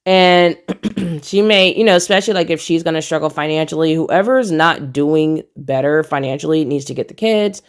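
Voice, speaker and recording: Speaking straight to her viewers, a young female vlogger delivers casual, emphatic commentary and repeats herself to drive points home. Her voice sits low.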